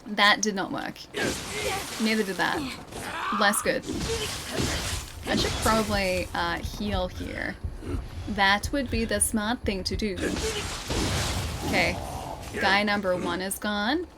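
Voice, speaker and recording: A young Australian woman giving casual gameplay commentary as a streamer, chatty, self-deprecating and quick to laugh. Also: mid-range voice, fairly even intonation, very noisy.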